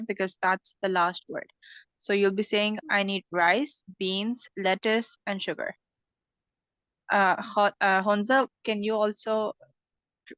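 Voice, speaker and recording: A woman's voice: medium pitch, fairly bright tone, no room sound, rough recording. A woman teaching an online English class, explaining patiently and checking in with "okay".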